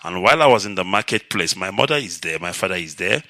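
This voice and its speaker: A middle-aged man from Nigeria hosting a call-in radio show, speaking in a measured, lecturing way and explaining through analogies. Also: low-pitched, lively intonation, pushed and bright, no room sound. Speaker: radio host.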